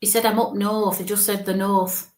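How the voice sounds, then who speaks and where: Halting woman in a roomy space. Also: mid-range voice, level tone, a little mellow. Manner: halting, thinks aloud with frequent restarts. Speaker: psychic medium. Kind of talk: live mediumship reading.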